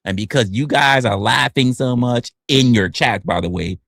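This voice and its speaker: A man's voice: medium pitch, moderate pace, creaky, fairly bright tone, no echo, clean studio sound. A man hosting a livestream, ranting casually and sarcastically and acting out other people's lines. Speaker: livestream host.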